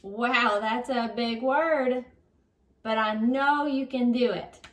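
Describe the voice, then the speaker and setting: A woman's voice: fairly high pitch, slow pace. A woman teaching a recorded phonics lesson to young children, upbeat and encouraging, stretching out syllables. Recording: echoey room, distant mic.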